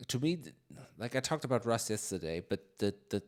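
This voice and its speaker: A man's voice: lowish voice, big pitch swings, a little fast. A man live-coding on a stream, chatting casually and thinking aloud with many fillers and restarts. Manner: reads chat questions aloud.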